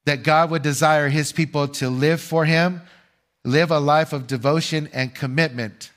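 An older man preaching a sermon as pastor, earnest and measured, asking his listeners rhetorical questions and pausing for answers. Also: a little high, fairly even intonation.

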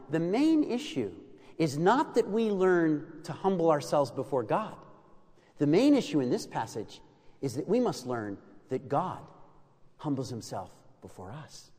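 A man delivers a dramatic sermon. His high voice leaps and falls with lively range, and he swings from loud stresses to near-whispers. Long reverb from a church hall trails every word. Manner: dramatic preaching, swinging from loud emphasis to hushed lows. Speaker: preacher.

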